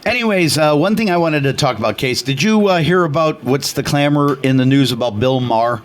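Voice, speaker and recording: A man's voice: a little high, animated, brisk, slight background noise. Rambling, opinionated radio talk host man. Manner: opinionated, rambling storyteller with many fillers. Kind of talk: casual political talk radio.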